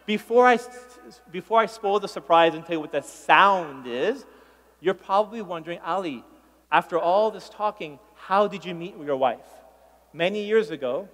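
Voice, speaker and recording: Performing comedy before a live conference audience, a man playfully mocks the crowd by acting out how they react. He speaks at a normal speed in a high-sitting, slightly bright voice with lively intonation, and the large hall gives a long reverb.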